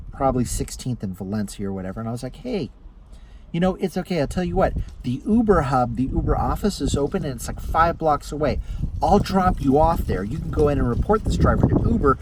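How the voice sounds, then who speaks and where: A man who drives for a ride-hail service, telling stories to camera in a casual way and jumping into higher voices when he acts out his passengers. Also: animated, fairly quick, noisy background. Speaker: rideshare driver and vlogger. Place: inside a car.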